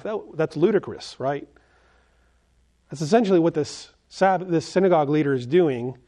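A pastor delivers a sermon in a somewhat high voice for a man. He speaks earnestly, often turning to his listeners with questions. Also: moderate pace, dark tone. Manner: earnest, asks the congregation questions.

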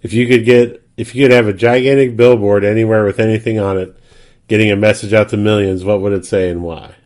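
Brief: male podcast host, lowish voice, relaxed, brief questions. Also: a little fast. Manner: brief, easygoing interviewer. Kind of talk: casual podcast interview.

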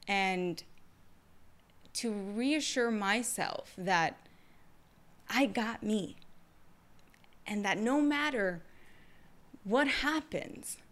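A young woman who works as a therapist, hosting a podcast in a candid, expressive, slangy way. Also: fairly high pitch. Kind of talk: casual podcast monologue.

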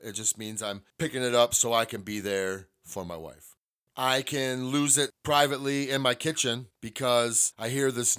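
A man's voice: medium pitch, a bit bright. Profane blunt man hosting a podcast. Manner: profane, blunt, candid storytelling. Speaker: podcast host. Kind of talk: solo podcast monologue.

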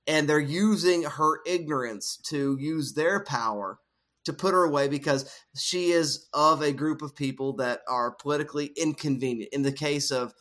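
A man's voice: medium pitch, fairly bright tone. A man co-hosting a casual film discussion, explaining ideas at length in a thoughtful way with frequent fillers. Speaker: podcast co-host.

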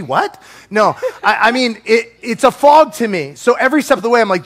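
A man preaches a sermon, telling stories from his own life with self-deprecating humor. His voice sits high and swings widely in pitch. He keeps the delivery lively and expressive. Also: a little fast. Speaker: pastor.

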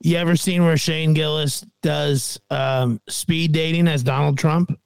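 A man's voice: on the high side, steady tone, a little slow, vocal fry, smooth, no room sound. A man co-hosting a podcast in casual chat, wry and teasing, firing off questions. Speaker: podcast co-host.

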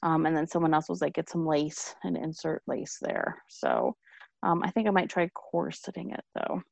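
A woman chatting casually, rambling and animated as she tells a story, with frequent restarts. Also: low-pitched, normal speed, gravelly, dry recording. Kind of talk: casual chat.

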